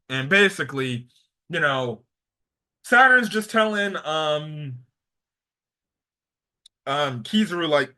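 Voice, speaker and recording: A young man giving a casual anime episode review, excitable, slangy and rambling. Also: on the high side, takes it slowly, pauses often.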